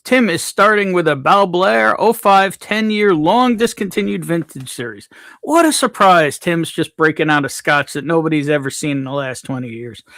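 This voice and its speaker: A man's voice: a little high, fairly bright tone, no echo, studio quality. A man hosting a casual livestream, reading out viewers' names from the chat and greeting them one by one. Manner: reads chat names aloud, laid-back. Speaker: livestream host.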